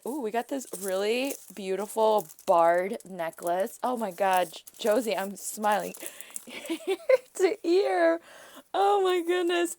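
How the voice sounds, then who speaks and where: A woman craft vlogger gushing and gasping as she unboxes birthday gifts. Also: medium pitch. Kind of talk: gift unboxing vlog.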